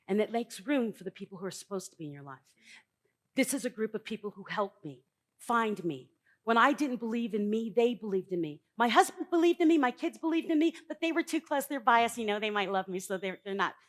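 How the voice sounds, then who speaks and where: A middle-aged woman giving a live motivational talk on a conference stage, blunt and emphatic, jumping from loud bursts to quiet asides. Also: medium pitch, animated, brisk. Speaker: conference speaker.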